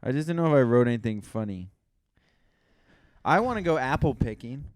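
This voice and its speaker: A man's voice: medium pitch, lively intonation, brisk, darkish tone, no echo, clean studio sound. A young man co-hosting a casual podcast chat, joking and teasing his co-host.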